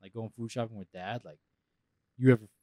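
A man's voice: on the low side, steady tone, brisk, dark tone, no echo, clean studio sound. A man co-hosting a casual podcast, teasing and trading crude banter. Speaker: podcast co-host. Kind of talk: casual chat.

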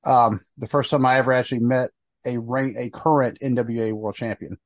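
A man's voice: medium pitch, fairly even intonation, brisk, no echo. A male podcast host chatting loosely, piling up fillers and trailing off mid-thought. His voice sits in a middle register. The sound is dry and close. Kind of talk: casual chat.

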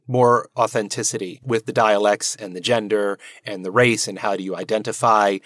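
A man's voice: on the low side, a bit bright, no room sound. American guy, voice actor, casual chat, jokey and self-deprecating, dry close mic. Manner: candid, self-deprecating, quick asides. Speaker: voice actor guest.

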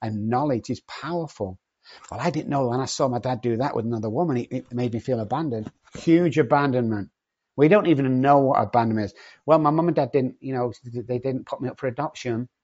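Man, blunt treatment-company owner, profane and direct, husky voice, muffled recording. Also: medium pitch, brisk, darkish tone. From not from England. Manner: profane, cocky and confrontational. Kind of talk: blunt podcast conversation.

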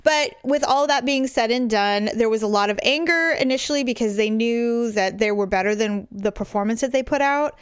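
A middle-aged woman co-hosting a show, telling stories in casual chat, candid and animated with blunt swearing. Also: on the high side, normal speed, few pauses, clear, resonant tone, dry recording, clean studio sound. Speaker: podcast co-host.

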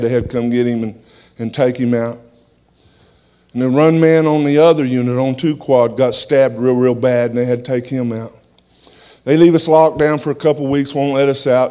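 A man giving a church testimony, telling his story in an animated way and punctuating it with "amen" as he speaks. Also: mid-range voice.

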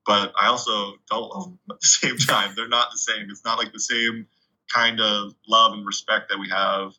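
A young man from Canada, a guest telling stories in a casual, chatty way, full of 'like' and animated retellings. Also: on the low side, moderate pace. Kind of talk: casual storytelling. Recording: dull lo-fi recording.

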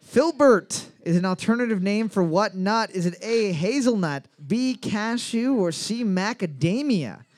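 High-voiced man hosting trivia. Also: expressive, unhurried, few pauses. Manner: reads questions twice, teasing jokes. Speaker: trivia quiz host. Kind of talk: joking bar trivia hosting.

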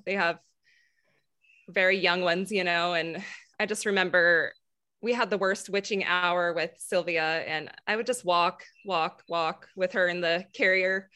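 Bright-voiced woman, candid podcast guest. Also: lowish voice, smooth. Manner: candid, laughs often. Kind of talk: casual chat.

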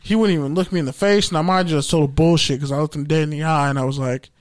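A man's voice: on the high side, fast. A young man telling a story in a casual, profane way, acting out what people said. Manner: profane, animated storytelling with acted-out quotes. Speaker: podcast host.

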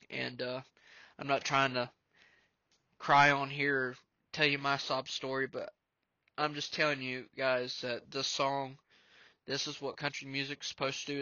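A man's voice: mid-range voice, pushed and bright, dry recording. A man hosting a music podcast, talking earnestly and emotionally in a casual, rambling way. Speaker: podcast host. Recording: dull lo-fi sound.

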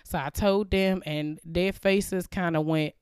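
A woman's voice: fairly low pitch, steady tone, slow pace, a little mellow, clear, resonant tone, no room sound. A woman hosting a podcast, telling a personal story in an earnest, heartfelt, conversational way into a close mic. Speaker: podcast host.

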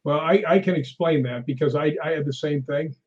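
A man tells his ghost-hunting stories with animated, anecdotal energy. His voice is husky and a little high. The recording sounds dull and lo-fi. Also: brisk. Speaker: guest ghost hunter. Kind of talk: casual storytelling in conversation.

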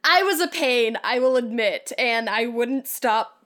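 A woman's voice: on the high side, measured pace, fairly bright tone. A young woman in casual chat, telling a self-mocking anecdote in a chatty way.

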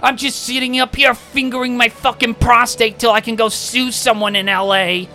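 A man putting on the voice of his girlfriend's cranky, sulking father, shrill and whiny. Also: level tone, moderate pace, sharp tone, faint music behind, heavily acted. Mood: mocking rant.

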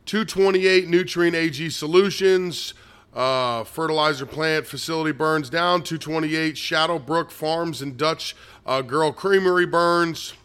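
A man's voice: fairly high pitch, a bit bright, clean tone. A man reading a long list of dates and places from his own notes, hurrying and tripping over words with fillers and restarts. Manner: reads fast with stumbles, restarts and fillers.

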